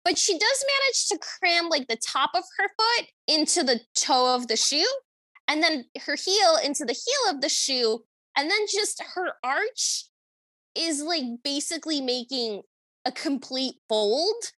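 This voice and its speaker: A woman's voice: high voice, a little slow, no room sound. A woman co-hosting a podcast, recapping a film in casual chat and acting out the characters' lines as she tells it. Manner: animated storytelling with acted-out quotes. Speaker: podcast co-host.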